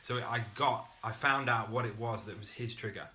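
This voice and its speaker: A man giving a motivational business talk to his team, telling stories in a lively, conversational way. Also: mid-range voice, normal speed, slight background noise. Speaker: business presenter.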